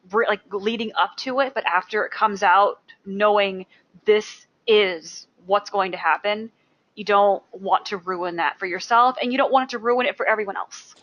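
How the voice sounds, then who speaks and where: A woman co-hosting a podcast in casual chat. She speaks with earnest emphasis, stressing her points firmly. Her pitch is mid-range and natural. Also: a bit bright, dull audio. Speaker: podcast co-host.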